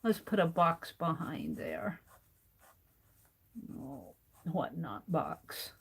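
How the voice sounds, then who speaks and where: This middle-aged art vlogger has a low, husky voice with vocal fry, and she sounds very animated. She muses slowly as she sketches, chatting casually to herself about what she might draw next.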